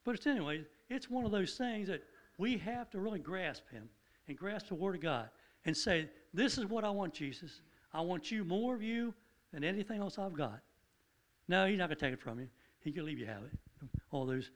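Man, informal Bible teacher, earnest and conversational, slightly high voice, hammers his points by repetition. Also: lively intonation, normal speed, low-quality recording. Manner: earnest, conversational, repeats points with rising emphasis.

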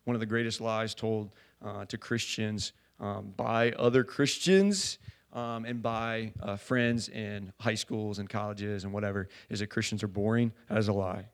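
A man preaching a sermon in a church, talking casually with many fillers and building to loud fervor. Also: lowish voice, unhurried. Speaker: pastor.

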